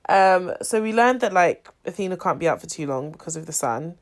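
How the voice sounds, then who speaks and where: A woman's voice: on the low side, expressive, fairly quick. A woman co-hosting a podcast, chatting casually about a documentary, opinionated and full of filler words. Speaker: podcast co-host. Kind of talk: casual chat reviewing a documentary.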